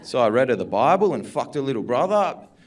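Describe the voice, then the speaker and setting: A man's voice: mid-range voice, very animated, quick pace, very noisy. A young man doing a stand-up set in a comedy club, laid-back and mumbly, swearing often.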